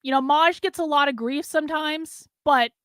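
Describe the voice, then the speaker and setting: A woman with a high voice hosts a casual livestream, reacting to clips and answering viewer messages. She talks bluntly and emphatically and swears freely. The sound is close and dry. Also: normal speed, a bit bright, dry recording. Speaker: host.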